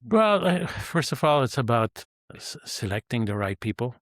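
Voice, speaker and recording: A retired male executive guest on an interview podcast, talking in a measured, reflective way with frequent fillers. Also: medium pitch, sing-song, dry recording, studio quality. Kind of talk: conversational interview answers.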